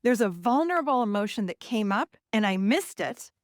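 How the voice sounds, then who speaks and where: A middle-aged woman hosting a podcast, telling a personal story and acting out her own heated words with lively emphasis. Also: medium pitch, normal speed, no room sound, clean studio sound. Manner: animated, acts out her own heated quotes. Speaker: podcast host. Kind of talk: personal storytelling about emotions.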